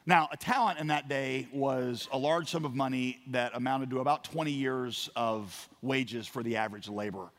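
A man preaching a sermon as a pastor, telling a parable with acted-out voices and swings from quiet to loud. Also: mid-range voice, normal speed, few pauses. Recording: long hall reverb.

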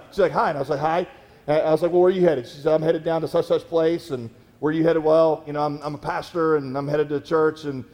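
A man preaching a sermon as a pastor, telling a story in a conversational way, halting with fillers and restarts. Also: on the high side, a little mellow, big-room sound.

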